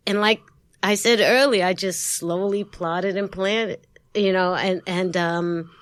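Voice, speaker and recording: A woman with a Brooklyn New York accent, a guest in a studio interview, telling stories in a lively way and acting out the voices of the people she quotes. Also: mid-range voice, unhurried, dry recording. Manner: lively storyteller who acts out quoted voices and laughs often. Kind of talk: casual interview storytelling.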